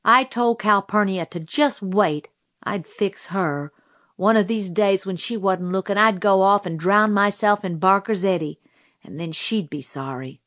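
A woman's voice: mid-range voice, a bit bright, no echo. Woman narrating a story, dry close sound. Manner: measured storytelling. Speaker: audiobook narrator. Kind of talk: scripted narration.

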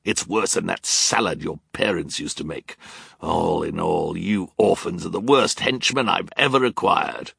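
A man's voice: deep voice, unhurried, gravelly, a bit bright, breathy edge, dry recording, clean studio sound, full character voice. A male audiobook narrator voicing a boastful, scheming villainous man who growls and sneers. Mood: sneering. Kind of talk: audiobook character voice.

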